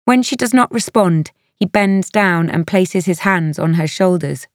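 A woman narrates an audiobook in a measured, even way, at a very slow pace. Her voice sits a little low, and the close studio mic gives a dry sound with no room around it. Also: dry recording. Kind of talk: scripted narration.

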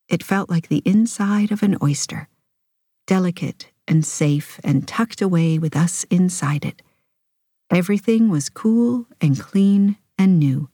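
Low-voiced woman narrating an audiobook. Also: mellow, slightly rough, dry recording, studio quality. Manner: measured, intimate first-person storytelling.

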